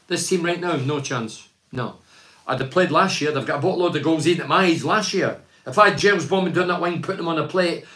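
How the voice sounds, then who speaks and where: A man's voice: on the high side, a bit bright. An older man, a former footballer chatting casually about his club and reading out fan messages, blunt and opinionated with plenty of rambling restarts.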